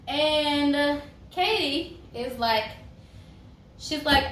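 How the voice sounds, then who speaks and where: A woman's voice: high-pitched, lively intonation, very slow, long pauses. A young woman chatting casually as she reviews a reality TV show, sassy and full of tangents. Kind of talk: casual chat. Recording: roomy echo, mic far off, faint hiss.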